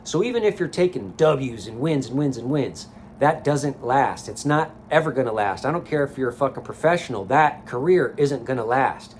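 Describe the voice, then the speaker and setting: A man's voice: mid-range voice, lively intonation, moderate pace, slight background noise. A man giving a blunt, profane motivational rant to camera as a life coach vlogger, recorded in a sauna.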